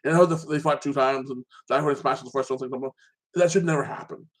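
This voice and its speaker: A man's voice: mid-range voice, fast talker. Rambling man recapping a TV episode. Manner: rambling, fills with "like that" and restarts; opinionated, ranting about plot holes. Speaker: host.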